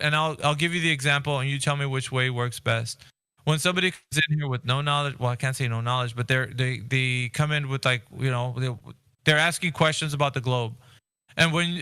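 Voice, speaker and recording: A man's voice: mid-range voice, bright, forceful tone, clean tone, no room sound. Earnest man rambling on a voice call. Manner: earnest, rambling with many restarts. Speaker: Discord voice chat host. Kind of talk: casual debate chat.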